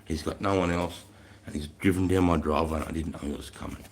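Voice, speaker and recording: A man's voice: sits low, steady tone, fast talker. A middle-aged man with an Australian accent, telling rambling stories in a frank, heavy-swearing casual chat on a live stream. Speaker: military veteran hosting a live stream.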